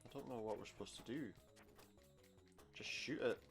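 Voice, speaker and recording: With game music behind him, a man of medium pitch and moderate pace casually comments on a retro game. His let's-play delivery leans wry and jokey, with asides muttered under his breath.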